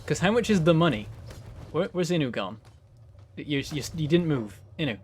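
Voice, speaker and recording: A man's voice: a little high, animated, moderate pace, slight background noise. A man hosting a let's play, giving rambling, self-mocking gameplay commentary and chuckling often.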